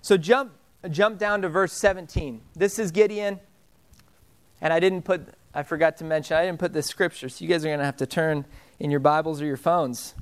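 A young man preaching a sermon in a conversational way, dropping soft and slow on key phrases. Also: a little high, fairly even intonation, clean tone. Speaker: pastor.

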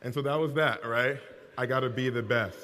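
A man preaching a sermon in a relaxed, conversational and self-deprecating way, with asides and repeated phrases. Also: mid-range voice, a little fast, a little hiss or hum. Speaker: pastor. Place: large hall with an audience. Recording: long hall reverb.

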